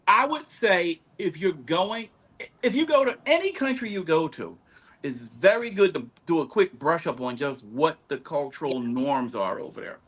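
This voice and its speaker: A man chatting casually on a podcast, telling stories and putting on quick voices for other people. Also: fairly high pitch, very animated, a bit bright.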